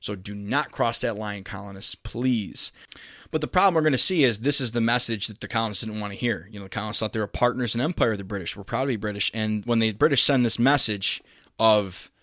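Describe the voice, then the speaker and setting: A man's voice: fairly low pitch, fairly quick, sharp tone, no echo, clean studio sound. A man teaching a history lesson in a casual, conversational way, with plenty of fillers, restarts and bursts of emphasis. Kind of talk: casual lecture.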